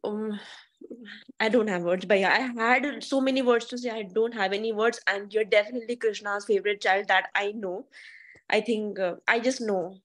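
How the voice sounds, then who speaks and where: A woman, tearful and halting, speaking emotionally on a video call. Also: mid-range voice, fairly even intonation, poor audio. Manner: emotional, halting, repeats words. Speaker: student.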